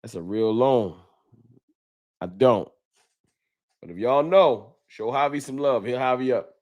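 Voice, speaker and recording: A man's voice: medium pitch, unhurried, highs cut off. A man hosting a casual sports fan livestream, talking loose and slangy as he reads out viewer donations. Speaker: fan talk show host.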